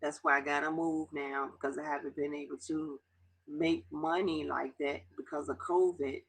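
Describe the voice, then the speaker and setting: Tearful, gravelly middle-aged woman vlogging. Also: low voice, steady tone, rough recording. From Baltimore, US. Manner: halting, with restarts and drops to a near whisper. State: tearful, fighting back tears. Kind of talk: emotional confessional vlog.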